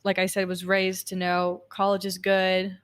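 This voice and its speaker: A woman's voice: medium pitch, completely flat delivery, unhurried, clean tone. Talkative young woman hosting a podcast. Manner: warm and talkative, rambling storytelling with tangents. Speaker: podcast host. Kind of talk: casual interview conversation.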